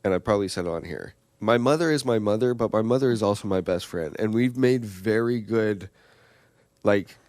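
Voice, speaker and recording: A man's voice: lowish voice, normal speed, darkish tone, dry recording. A young man co-hosting a podcast, telling loose family stories with casual swearing and acting out his relatives. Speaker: podcast co-host. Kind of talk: casual chat.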